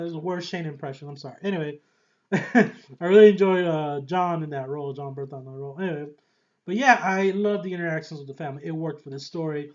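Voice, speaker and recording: Rambling, excitable man reviewing a show. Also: a little high, quick pace, lo-fi sound. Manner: rambling, excitable, laughs often. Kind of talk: casual review vlog.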